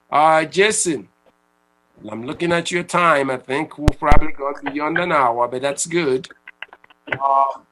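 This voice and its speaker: A man's voice: mid-range voice, fairly bright tone, rough recording. A man hosting a radio talk show, speaking in a conversational way with restarts and repeated words.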